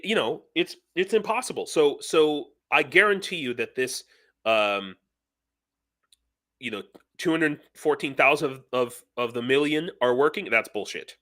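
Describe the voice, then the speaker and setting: Man, middle-aged, stream host, bright forceful tone, rambling animated delivery, lots of fillers. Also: a little high. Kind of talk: casual live-stream commentary.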